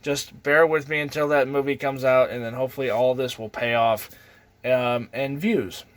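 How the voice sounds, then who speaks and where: A man's voice: mid-range voice, fairly even intonation, normal speed. A young man hosting his own channel, rambling casually with lots of ums and little chuckles. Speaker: channel host.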